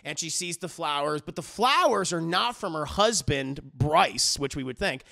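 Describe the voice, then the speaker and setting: Gravelly, excitable man recapping a movie. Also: on the high side, moderate pace. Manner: animated, profane, rambling. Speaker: movie reviewer.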